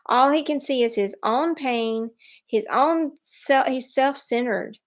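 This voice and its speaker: A woman giving a live tarot reading, speaking in an animated, emphatic way and laughing often. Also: high voice, takes it slowly. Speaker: tarot reader.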